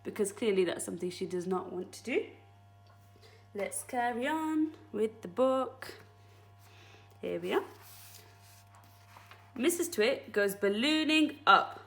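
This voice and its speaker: A woman teacher reading a children's book aloud at story time, friendly and expressive. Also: fairly high pitch, slow, long pauses, soft background music.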